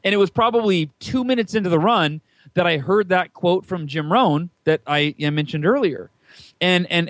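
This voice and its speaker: An animated American man in his thirties tells his story as a podcast guest, jumping into a higher voice whenever he acts out what someone said. His voice sits high for a man and sounds dry and close. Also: no echo. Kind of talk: casual storytelling interview.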